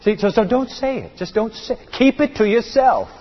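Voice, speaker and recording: Middle-aged preacher in a reverberant hall. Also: male voice, extremely high pitch, lively intonation, normal speed, husky. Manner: impassioned preaching, with frequent word repeats and restarts. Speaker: pastor. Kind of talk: sermon. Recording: reverberant, dull lo-fi sound.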